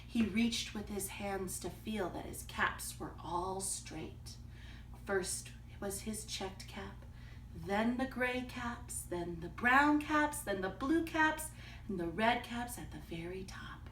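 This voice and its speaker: A woman reading a children's picture book aloud, drawing out words in an expressive storytelling manner. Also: mid-range voice, takes it slowly, a little hiss or hum. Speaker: storybook reader. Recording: roomy, from a distance.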